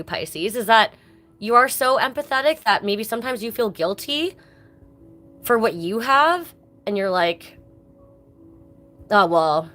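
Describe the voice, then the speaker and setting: A tarot card reader chats with viewers during a casual live-stream reading, calling them baby in an affectionate way. Her voice is medium-pitched and a bit bright.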